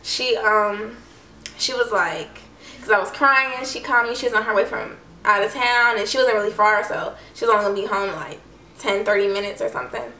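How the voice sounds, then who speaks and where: A woman's voice: medium pitch, steady tone, fairly quick, pushed and bright, distant mic. A young woman telling a personal story to camera in a casual, chatty way, full of "like" and "I don't know". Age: young adult. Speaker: vlogger. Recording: echoey room, voice a bit off-mic.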